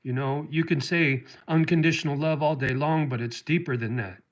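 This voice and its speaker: A middle-aged livestream host with a high-leaning, steady voice at normal speed reads viewer comments aloud in a casual stream. His heartfelt answers grow choked up when talk turns to dogs, and the audio is dull.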